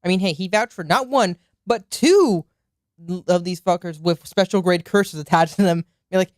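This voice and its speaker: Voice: medium pitch, normal speed, dry recording, clean studio sound. Playful podcast co-host acting out quotes. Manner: playful, acts out characters in quotes. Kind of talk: casual anime chat.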